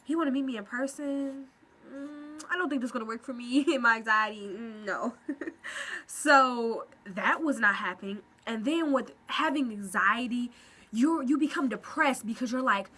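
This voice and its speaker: A woman talking casually to camera at home in a vlog, expressive and animated with quick asides. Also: fairly high pitch, husky. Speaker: vlogger. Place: at home, indoors.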